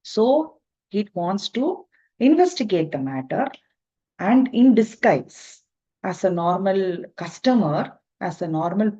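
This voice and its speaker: Woman telling a story, halting and relaxed. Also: medium pitch, husky, dull audio. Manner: relaxed, halting with fillers and restarts. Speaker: spiritual teacher. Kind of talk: storytelling in a lesson.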